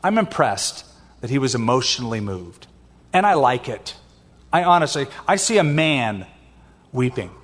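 Older male pastor preaching in a hall. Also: on the high side. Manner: conversational preaching, personal asides. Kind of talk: sermon.

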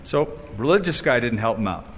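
A man preaching a sermon, animated and storytelling, who acts out the voices he quotes and breaks in with wry asides. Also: mid-range voice, fairly quick, long reverb tail, a little hiss or hum. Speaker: pastor.

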